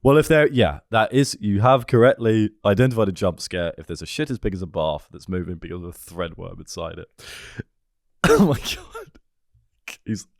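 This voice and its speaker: A man co-hosting a comedy podcast, teasing and deadpan. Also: sits low, brisk, creaky, few pauses, dry recording, studio quality. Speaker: podcast co-host. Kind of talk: casual comedic chat.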